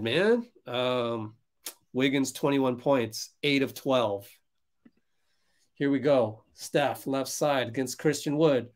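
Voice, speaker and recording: A man hosting a fan livestream, reacting loudly to a basketball game as it plays and answering viewers in chat. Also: medium pitch. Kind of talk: live basketball watch-along commentary.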